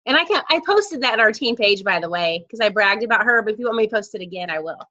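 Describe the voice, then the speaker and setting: Chatty woman team leader, bright voice, dry dull call audio. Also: mid-range voice, quick pace, no room sound. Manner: chatty, candid, lively storytelling. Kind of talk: casual coaching talk on a video call. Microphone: laptop video call mic.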